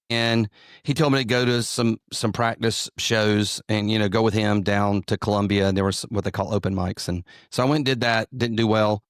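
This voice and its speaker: A man's voice: lowish voice, steady tone, normal speed, clean tone, no room sound. Southern drawl guy, comedian, rambling self-deprecating storyteller, dry close sound. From American South. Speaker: comedian and pastor. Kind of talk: interview conversation.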